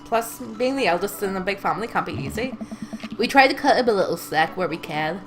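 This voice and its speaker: A woman plays through a game on stream, reading the dialogue in a slow, deliberate way and chatting between lines. She laughs easily and sounds stuffed up from a cold. Faint music plays beneath her. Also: mid-range voice, expressive. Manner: giggly, reads lines slowly, breaks into laughter. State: congested. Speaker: let's play streamer.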